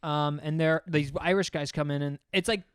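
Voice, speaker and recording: A man's voice: fairly high pitch, normal speed, clean tone. A young man, a stand-up comic, telling a story in casual podcast chat, acting out the people in it and leaning hard on "like". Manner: animated, acts out quoted voices, heavy filler "like".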